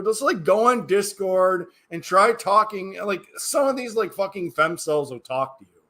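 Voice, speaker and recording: A man's voice: high-pitched, expressive, a little slow, bright, forceful tone. Tired, rambling man streaming. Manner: rambling, hesitant, trails off into mumbles. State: tired, yawning. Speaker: livestreamer reading chat. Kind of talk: casual livestream chat.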